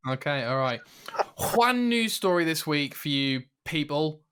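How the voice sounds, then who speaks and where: Brief: british guy, slightly high voice, jokey podcast co-host. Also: unhurried, clear, resonant tone. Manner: animated, jokey. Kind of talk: casual chat.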